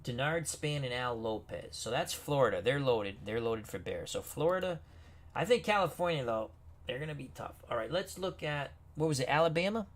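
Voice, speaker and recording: A man's voice: mid-range voice, animated, normal speed. A man hosting a gaming video, reading player names off team rosters with casual asides and reactions. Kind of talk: casual game commentary.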